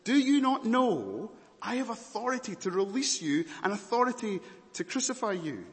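A man voicing a panicked Roman governor with a troubled conscience, shouting desperate questions in a big echoing hall. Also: sits high, sing-song, moderate pace, pitched above the performer's own voice. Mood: indignant.

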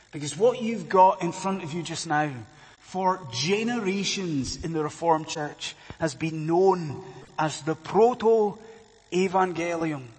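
Man preaching a sermon, high voice, husky tone, earnest and fervent, rhetorical questions, long hall reverb.

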